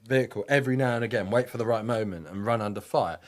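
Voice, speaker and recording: A British army veteran in his thirties, guesting on a podcast, tells a rambling, vivid war story full of swearing. His voice is fairly low and quick, and he acts out quotes by raising it.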